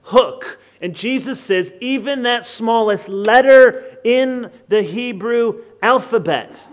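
An American man preaching an expository sermon, stressing key words by slowing down and dropping in joking asides. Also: very high-pitched. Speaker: pastor.

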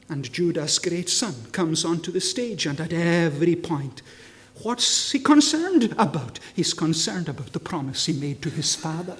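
A man preaching a sermon with passion, asking rhetorical questions and moving between hushed lines and ringing declarations. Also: sits high, animated, moderate pace. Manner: impassioned, swinging from hushed to ringing. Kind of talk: expository sermon.

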